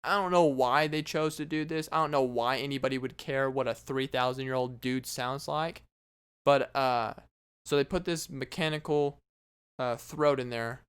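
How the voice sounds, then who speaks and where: A man's voice: mid-range voice, fairly even intonation, normal speed, clear, resonant tone. A man hosting his own casual podcast, talking alone in a sarcastic, rambling and mocking way. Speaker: podcast host. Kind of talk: casual solo podcast monologue.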